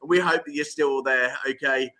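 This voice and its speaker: A man's voice: medium pitch, fairly even intonation, moderate pace, pushed and bright. A man co-hosting a live music show, chatting in a playful, teasing way. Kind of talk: casual live-stream chat.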